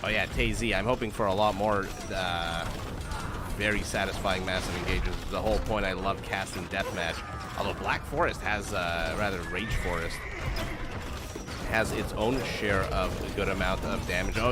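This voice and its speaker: A man's voice: fairly low pitch, normal speed. A man doing live play-by-play commentary on a strategy game match, chatting directly to his viewers. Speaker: game caster. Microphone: streaming microphone. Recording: noisy live stream recording.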